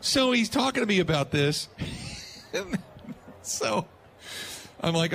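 Animated male talk radio host. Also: high-pitched, slow, vocal fry, pauses often, a little hiss or hum. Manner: animated, laughing storyteller acting out quotes. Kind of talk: sports talk radio storytelling.

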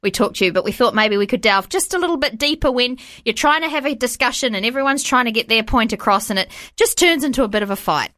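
A woman's voice: fairly high pitch, expressive, fast talker, hardly any pauses, bright, forceful tone. An Australian woman radio host, playful and upbeat as she chats with guests. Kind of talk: casual radio chat.

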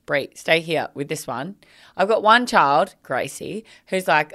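A woman, a podcast co-host, telling a story in casual chat, animated and acting out quotes. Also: deep voice, unhurried. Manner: animated, acts out quotes, swears freely.

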